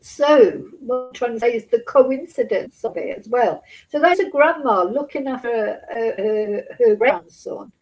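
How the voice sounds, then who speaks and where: Tearful woman with a fairly high voice. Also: animated, a little mellow, low-quality recording. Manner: halting, full of restarts and asides. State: close to tears. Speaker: Spanish teacher and channel host. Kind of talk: rambling personal storytelling to camera.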